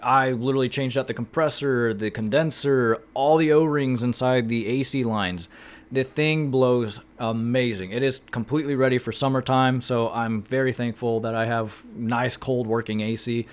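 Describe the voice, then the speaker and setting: An American man chats to his viewers in a loose, rambling vlog style. He fills pauses with ums and uhs and drifts between topics casually. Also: medium pitch. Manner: rambling, chatty, many fillers. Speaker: YouTuber. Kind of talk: casual vlog talk to camera.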